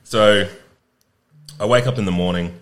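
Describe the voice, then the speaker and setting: A man's voice: on the low side, measured pace, fairly bright tone. A man, a podcast guest telling war stories in a laid-back, profane way and laughing through them. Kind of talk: casual storytelling chat.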